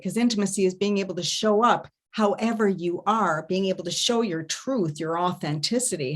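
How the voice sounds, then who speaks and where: A woman with a somewhat low voice talks through an online workshop on intimacy. She is animated and expressive, stretching some phrases out slowly and breaking into hums and murmurs to show what she means. Her delivery is loose and conversational, with frequent laughter. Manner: animated storytelling, laughs often. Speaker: intimacy coach and festival presenter. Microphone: home setup, online stream.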